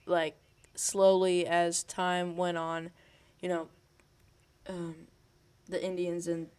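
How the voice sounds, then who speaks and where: A young man co-hosting a casual podcast chat, hesitant and full of ums and pauses. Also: high voice, completely flat delivery, darkish tone, clean tone. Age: young adult. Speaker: podcast co-host.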